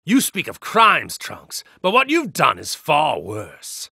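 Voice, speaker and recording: A cold, self-righteous god of judgment who sneers at mortals in a gravelly, bright-edged voice. His lines crawl out slowly, dropping to low contempt and leaping to strained battle shouts. Recorded dry and close, like a game's studio voice lines. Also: wildly swooping pitch, no echo, heavily acted. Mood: contemptuous. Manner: haughty, contemptuous, grandiose. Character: arrogant evil god in a hero's body, male. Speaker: video game character. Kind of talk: game voice lines.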